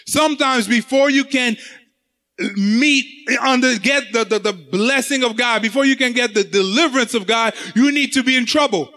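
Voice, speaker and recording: A man preaching a sermon, telling it like a dramatic story, often repeating words, rising to shouts and dropping very low. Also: normal speed. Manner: voice rises to shouts and drops very low.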